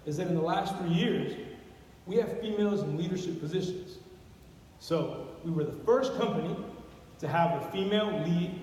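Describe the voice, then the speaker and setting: A man giving an upbeat corporate talk, barking drill-style commands at the audience. His voice sits a little high and carries from a distance. It rings through a big, echoing hall. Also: a little mellow, a little hiss or hum. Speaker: company executive presenter. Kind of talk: motivational corporate presentation. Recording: echoey hall, speaker far from mic.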